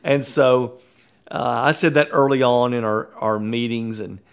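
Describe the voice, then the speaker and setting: A man, a workplace consultant, telling a story in an animated, conversational way with frequent chuckles. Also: medium pitch, measured pace, clean tone. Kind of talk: storytelling talk.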